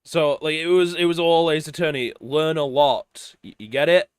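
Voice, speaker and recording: A man's voice: a little high, fairly quick, clean tone, no room sound. A man streaming a video game, chatting casually and rambling with trailing sentences and swearing. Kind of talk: casual let's-play chat. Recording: game music behind.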